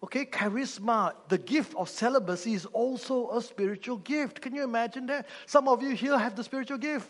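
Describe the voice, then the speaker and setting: High-voiced preacher in an echoing hall. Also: male voice, a little fast, few pauses, a bit bright. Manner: humorous, teacherly, asks the congregation questions. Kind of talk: sermon.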